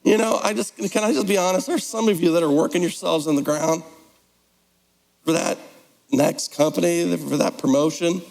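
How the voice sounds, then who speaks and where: A man's voice: on the high side, fairly even intonation, moderate pace, creaky, a little mellow, in a large hall, poor audio. A man preaching a sermon as pastor, in a conversational, playful way, slipping into mock voices. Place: church sanctuary.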